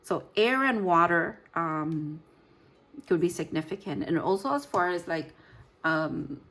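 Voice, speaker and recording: A woman's voice: low-pitched, a bit bright. A woman giving a casual tarot reading, rambling and searching for her words with frequent fillers. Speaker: tarot reader.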